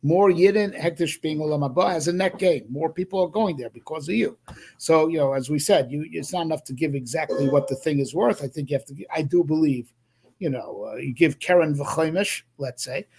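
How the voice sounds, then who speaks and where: A man's voice: a little high, brisk, darkish tone, a little hiss or hum. A man teaching a Torah class as a rabbi, thinking aloud with many restarts and asides. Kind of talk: Torah class, explaining a text.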